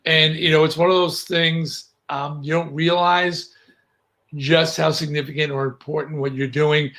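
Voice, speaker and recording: A middle-aged man chatting as a guest on a video call, telling lively stories with frequent restarts. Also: on the high side, moderate pace. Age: middle-aged or older. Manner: animated storyteller, frequent restarts. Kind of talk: casual chat.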